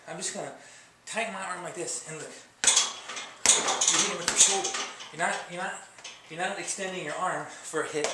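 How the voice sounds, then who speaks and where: A man giving a casual, rambling how-to lesson on hitting a punching bag, full of fillers, sometimes talking through bursts of effort, recorded on a camera mic at a distance. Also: a little high. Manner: rambling, loose, full of fillers and "you know". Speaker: amateur fitness instructor. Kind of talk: casual how-to video demonstration. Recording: echoey room with loud clattering noise.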